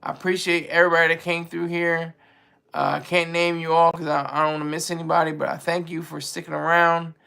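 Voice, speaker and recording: A man's voice: fairly high pitch, flat delivery, a little fast, creaky, sharp tone, clear, resonant tone. A man hosting a casual livestream, rambling and joking as he answers his chat. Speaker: livestream host.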